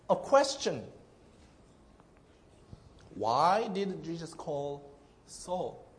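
A male pastor with a notably high voice delivers a sermon to his congregation. He speaks slowly and with earnest emphasis, often breaking off mid-phrase to restart. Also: a little mellow.

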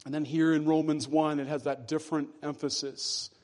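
A pastor's fairly high voice carries his sermon with a flat, slightly mellow delivery. He is earnest and deliberate, slowing down and lowering his voice to press each key phrase home.

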